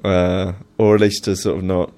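A man's voice: low voice, little pitch movement, moderate pace, darkish tone. A young man telling rambling anecdotes in casual chat, with plenty of fillers and laughter.

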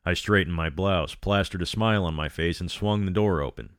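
Very deep-voiced man reading a horror story. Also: brisk, no echo, clean studio sound. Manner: sardonic asides between reading. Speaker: story narrator.

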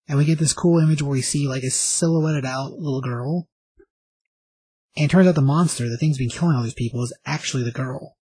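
A man rambles through a recap of a comic book, piling on fillers and restarting sentences. His mid-range voice is husky, slightly rough, and warm, moving fairly quickly. The sound is close and dry with no room echo.

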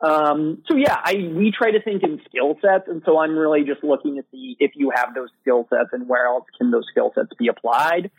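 A literary manager answering podcast interview questions in a casual way, full of "you know" and "like". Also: male voice, fairly high pitch, moderate pace, hardly any pauses, slightly rough, dry recording. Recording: dry, thin phone-line sound.

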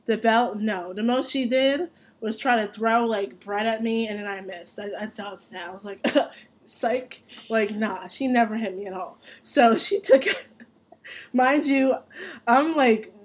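A young adult woman telling a story in casual chat. She is animated and profane and laughs as she talks. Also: mid-range voice.

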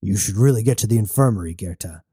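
A man voicing a sardonic male quartermaster, speaking briskly and wryly. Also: on the low side, dark tone, breathy edge, dry recording, studio quality. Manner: brisk, wry.

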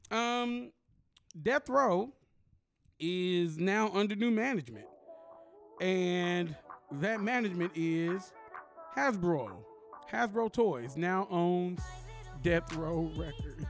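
A man's voice: high voice, lively intonation, slow, pauses often, soft background music. A man hosting a casual podcast, talking in loose slang and laughing often. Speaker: podcast host. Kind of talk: casual chat.

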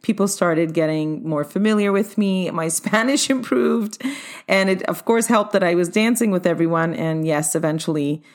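Casting: middle-aged woman, dance studio owner, upbeat and chatty storyteller with a slightly low voice. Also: normal speed. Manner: upbeat, chatty, addresses listeners directly. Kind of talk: personal storytelling monologue.

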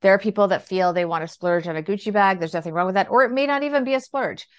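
A woman guest speaking in a conversational, storytelling way, full of anecdotes. She brings in quoted dialogue with animated shifts of voice. Her voice sits at a middle pitch. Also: fast. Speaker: guest, financial planner. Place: lives in New York City.

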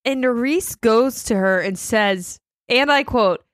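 A woman's voice: on the high side, slow, few pauses, no echo. A woman co-hosting a podcast, recapping a reality show in a gossipy, sarcastic way and laughing often. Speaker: podcast co-host. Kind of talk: casual reality TV recap chat.

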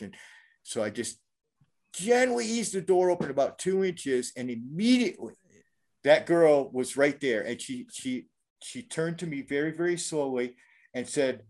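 A man's voice: fairly high pitch, lively intonation, measured pace, darkish tone. A middle-aged man telling a story in a casual interview, rambling and profane with many restarts.

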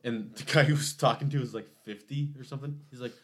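A young man in casual chat, relaxed as he listens, then lively when he retells a video he saw. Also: medium pitch, fast talker.

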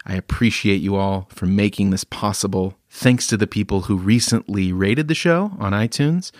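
A man's voice: lowish voice, moderate pace, dry recording, studio quality. A man hosting a podcast, with a laid-back, casual way of talking and casual swearing. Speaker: podcast host. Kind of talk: casual chat.

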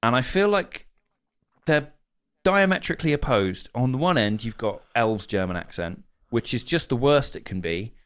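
A man chatting on a podcast, telling playful stories and film trivia. His intonation is very animated, rising and falling freely around a middle pitch. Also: moderate pace, clear, resonant tone. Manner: playful, lively storyteller. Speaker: podcast co-host. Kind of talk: casual chat.

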